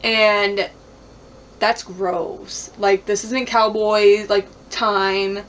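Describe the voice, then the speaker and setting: A woman's voice: medium pitch, flat delivery, drawn-out words, slight background noise. A woman recapping a reality show in a casual vlog, talking bluntly with lots of swearing and "like", and laughing often. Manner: blunt, profane, heavy use of "like".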